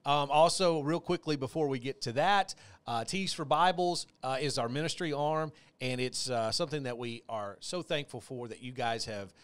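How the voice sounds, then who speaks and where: A man's voice: mid-range voice, normal speed, clear, resonant tone. A man co-hosting a faith-based podcast, talking in a rambling, joking, self-deprecating way with fillers. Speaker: podcast co-host. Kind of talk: casual chat.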